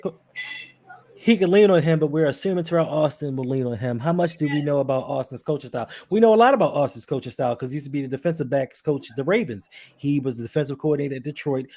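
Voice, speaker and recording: Animated man arguing football. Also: a little high, fast talker. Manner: animated, argumentative. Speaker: podcast co-host. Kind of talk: casual sports talk.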